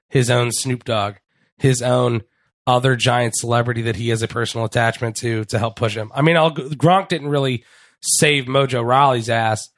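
A man's voice: mid-range voice, dry recording. A man co-hosting a podcast, recapping wrestling in a casual, profane, rambling chat. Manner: profane, rambling, with quick impressions. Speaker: podcast co-host.

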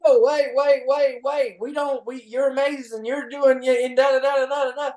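A man voicing a crowd of people who suddenly gush with praise, in a high, excited, fawning tone. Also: moderate pace. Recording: roomy echo.

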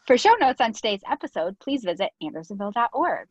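Relaxed woman host, interview questions, dry video call sound. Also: medium pitch, fast, no room sound, highs cut off. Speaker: podcast host. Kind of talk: casual interview.

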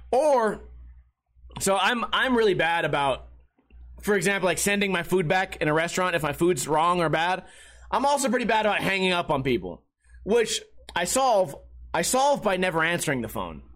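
This is a casual one-man podcast monologue from a young host who rambles, swears, and pokes fun at himself while telling stories. His voice sits high and sounds a bit bright.

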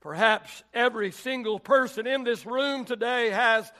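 Slow, high-voiced preaching pastor. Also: male voice. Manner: deliberate, emphatic preaching that swells to shouts. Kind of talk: sermon. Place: church sanctuary.

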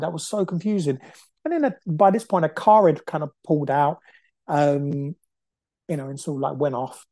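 A man's voice: on the high side, moderate pace, a little mellow, no room sound. A man hosting a podcast, telling a personal story in a rambling way and acting out what people said. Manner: rambling, full of fillers and acted-out quotes. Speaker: podcast host. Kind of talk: casual storytelling monologue.

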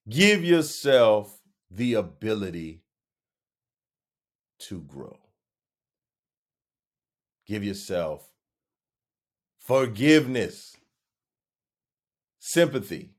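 A man in his thirties with a drawl hosts his own show, talking to listeners alone. His voice sits low and moves at an unhurried pace. He slips in self-mocking jokes, then lifts into bursts of emphatic encouragement. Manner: musing, self-deprecating, joking asides; slow, drawn-out phrasing with sudden emphatic rises. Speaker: podcast host. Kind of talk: reflective solo monologue.

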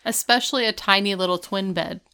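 Female co-host, smooth and clear, lively recap storyteller. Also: medium pitch, fairly quick. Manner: animated storytelling, acting out quoted characters. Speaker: podcast co-host. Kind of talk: casual chat recapping a TV episode.

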